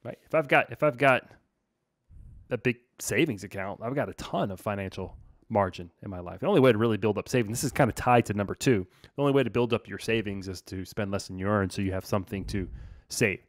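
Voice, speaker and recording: Low-voiced laid-back male podcast host. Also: fast, no echo, studio quality. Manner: laid-back, energetic, slangy, says "man" and "dude". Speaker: podcast host, financial planner. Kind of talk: casual podcast chat.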